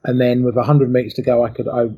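A man's voice: mid-range voice, flat delivery, fast talker, slightly rough, muffled recording. A middle-aged man, a former athlete, telling his story in an interview in a reflective, emotional way with many fillers.

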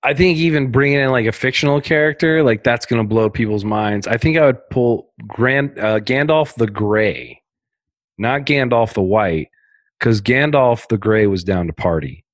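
Speaking at a moderate pace in an animated, medium-pitched voice, a man guests on a casual podcast with no echo. He tells meandering stories with dark humor, constantly restarting and dropping fillers.

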